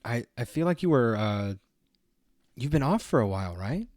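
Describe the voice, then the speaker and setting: A man's voice: medium pitch, very animated, normal speed, darkish tone, dry recording, clean studio sound. A man casually chatting to his viewers while streaming a video game, in a rambling, easygoing way. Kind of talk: casual let's play commentary.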